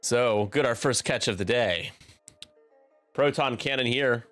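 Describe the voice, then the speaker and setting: A man commentating a tabletop game match live, in a casual, chatty play-by-play with quick asides. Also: medium pitch, a bit bright, dry recording, soft background music.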